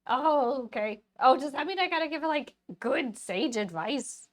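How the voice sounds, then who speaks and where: A woman's voice: high voice, unhurried. A woman doing a hyper coffee-wired frog. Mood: giddy. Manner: silly, excitable, bouncy. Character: hyper over-caffeinated cartoon frog. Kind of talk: live-stream silly voice.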